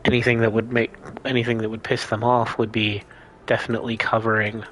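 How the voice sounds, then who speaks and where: A man's voice: on the low side, flat delivery, fairly quick, a bit bright. A man hosting a casual let's play, rambling and explaining his choices as he thinks aloud. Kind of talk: casual gameplay commentary.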